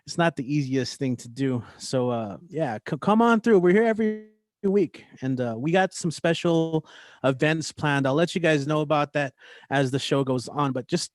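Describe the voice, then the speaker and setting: A man hosting an online open mic, chatting in a relaxed, rambling way. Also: a little high, no room sound, clean studio sound. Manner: relaxed, friendly, rambling with restarts. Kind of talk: casual hosting chat. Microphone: video call.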